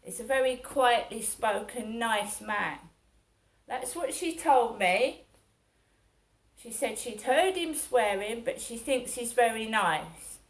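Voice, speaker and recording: A woman's voice: a little high, lively intonation, slow pace. A middle-aged woman, talking through her day in a rambling, aggrieved personal monologue that circles back on itself. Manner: rambling and aggrieved, repeating herself. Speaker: vlogger.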